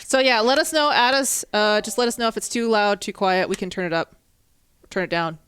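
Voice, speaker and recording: A woman's voice: mid-range voice, brisk, a bit bright, clean tone, dry recording. Playful woman co-streamer. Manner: playful, joking. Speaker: game streamer. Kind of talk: casual let's-play chat.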